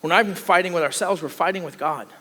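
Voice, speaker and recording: Animated high-voiced preacher in echoing church. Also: male voice, fast. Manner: animated, acts out voices of people he describes. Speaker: pastor. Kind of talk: sermon. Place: church sanctuary. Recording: long hall reverb.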